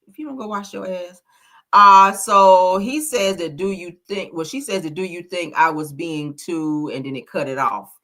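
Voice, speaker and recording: A woman's voice: low voice, pushed and bright. A woman giving casual, blunt celebrity gossip commentary, sassy and profane, laughing often.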